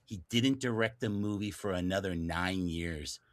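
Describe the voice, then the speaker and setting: A man's voice: deep voice, moderate pace. A man arguing the prosecution's case on a podcast in an exasperated, profane rant. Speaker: prosecutor in a mock movie trial. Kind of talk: casual podcast debate.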